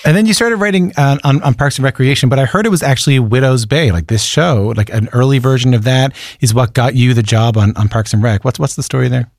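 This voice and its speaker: A man hosts an interview, asking quick questions that stumble and repeat words as he goes. His voice is recorded close and dry. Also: medium pitch, no echo.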